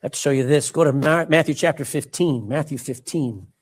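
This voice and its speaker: A man's voice: on the high side, fairly quick, breathy edge. A man preaching a sermon, reading scripture and calling out emphatically to his congregation.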